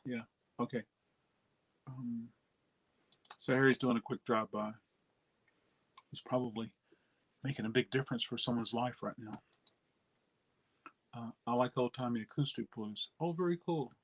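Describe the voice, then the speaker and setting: A man chats casually as he hosts a live stream about records. He rambles in a relaxed way, full of fillers and restarts, and faint clicking sounds come in behind him. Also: mid-range voice, moderate pace, long pauses. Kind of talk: casual live-stream chat reading viewer comments.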